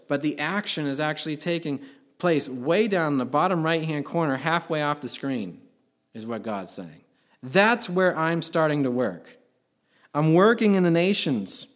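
A man's voice: on the high side, fairly bright tone. A man preaching a sermon as pastor, talking conversationally and swelling to emphatic bursts.

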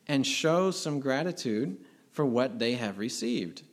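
A middle-aged man preaches a sermon with a voice of middling pitch. He speaks earnestly and with emphasis, often asking his listeners rhetorical questions. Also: expressive, measured pace. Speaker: pastor.

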